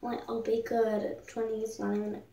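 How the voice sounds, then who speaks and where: A woman's voice: fairly high pitch, completely flat delivery, fairly quick, vocal fry, mellow, far from the mic. A teenage girl telling a story in a casual, rambling vlog, full of fillers and little jokes. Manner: rambling, filler-heavy, jokey. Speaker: vlogger. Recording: echoey room, voice a bit off-mic.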